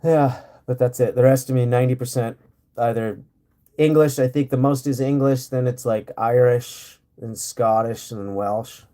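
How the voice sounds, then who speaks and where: A man talks loosely to his live-stream viewers from home, his voice dark and mellow at a middling pitch. He rambles from one thought to the next, filling gaps with "uh" and "like", and laughs easily. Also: fairly even intonation, moderate pace. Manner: rambling, laid-back, laughs often, many fillers. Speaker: livestream host. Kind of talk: casual live-stream chat. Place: home in rural area.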